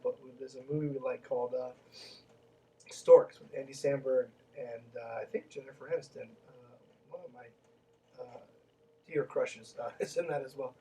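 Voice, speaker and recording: A man's voice: medium pitch, fairly even intonation, normal speed, darkish tone, distant mic, rough recording. A man hosting a podcast, reading a book aloud and breaking off into snarky, sarcastic commentary with plenty of swearing.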